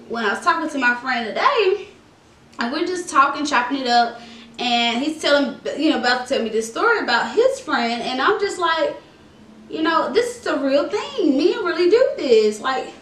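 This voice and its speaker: A woman's voice: high voice, moderate pace, distant mic, slight background noise. Dramatic, chatty woman vlogger. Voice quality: dramatic, animated storytelling. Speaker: beauty vlogger. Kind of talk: casual makeup tutorial chat. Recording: echoey room.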